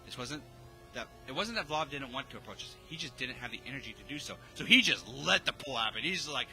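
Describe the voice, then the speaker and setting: A man streaming a visual novel, reading its text aloud and reacting with excitable, jokey, sometimes sweary comments. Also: mid-range voice, a little fast, soft background music, low-quality recording.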